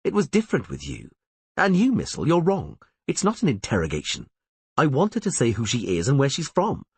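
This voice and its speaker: A man's voice: medium pitch, huge pitch swings, brisk, a little mellow, slightly rough, dry recording, pitched above the performer's own voice, full character voice. A man voicing a blunt male gang leader who fires off curt questions.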